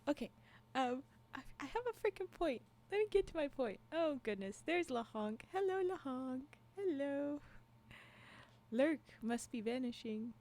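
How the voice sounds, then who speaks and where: A woman's voice: high-pitched, animated, moderate pace, darkish tone. Giggly rambling woman streamer. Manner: rambling, giggly, laughs often; frequent restarts and trailing asides. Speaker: livestream storyteller. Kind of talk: casual chat with live viewers.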